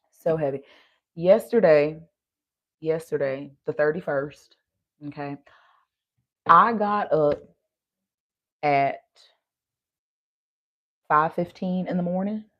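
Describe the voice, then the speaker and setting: Tired chatty woman with a country twang. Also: on the low side. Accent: slight Southern US country accent. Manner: chatty, addresses viewers as y'all, frequent "right?" asides. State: tired, exhausted from an overnight drive. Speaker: tarot reader. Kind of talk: casual tarot reading to camera.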